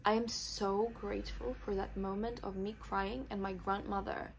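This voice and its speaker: Creaky-voiced young woman telling a personal story. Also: medium pitch, level tone, moderate pace, a little hiss or hum. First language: not English. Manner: emotional, many "like" fillers, confessional. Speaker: vlogger.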